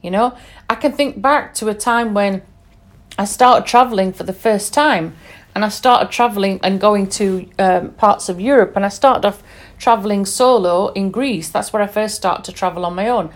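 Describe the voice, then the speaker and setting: A woman's voice: medium pitch, moderate pace. Chatty British woman telling travel stories. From England. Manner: chatty and candid, with many fillers and asides to the listener. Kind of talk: casual storytelling monologue.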